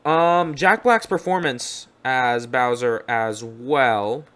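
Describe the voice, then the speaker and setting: A man's voice: medium pitch, takes it slowly, a bit bright, a little hiss or hum. Chatty young man reacting on camera. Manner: rambling, upbeat, self-correcting. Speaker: video reaction host. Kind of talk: casual reaction commentary.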